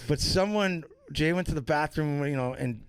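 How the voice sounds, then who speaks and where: A man on a podcast, his voice on the high side, clear and resonant, recorded dry at a moderate pace, rambles through profane anecdotes. The storytelling is casual, and he changes his voice to imitate the people he quotes.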